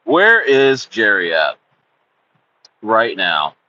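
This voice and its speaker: A young man chatting casually on a livestream, excitable and rambling, calling his viewers bro and dude. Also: fairly low pitch, drawn-out words, highs cut off, a little hiss or hum. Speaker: crypto livestreamer.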